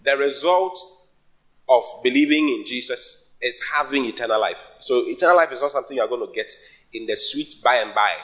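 A man preaching a sermon in English, which is not his first language; he is emphatic and his voice jumps up in sudden high bursts. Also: fairly quick, a bit bright. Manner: sings a hymn line at the start.

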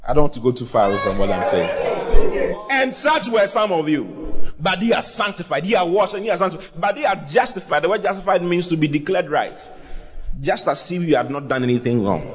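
Male pastor, slightly high voice, playful and animated, call-and-response preaching. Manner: animated and humorous, with teasing asides and repeated phrases. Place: church with a live congregation.

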